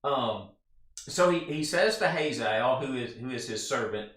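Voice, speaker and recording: A man teaching a conversational Bible study lesson in an earnest, chatty way, with quick asides to his listeners. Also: mid-range voice, expressive, a bit bright. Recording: echoey room.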